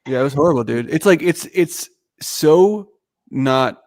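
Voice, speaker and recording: A man's voice: on the high side, animated, unhurried, darkish tone. A man chatting loosely on a panel, laughing often. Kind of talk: casual panel banter.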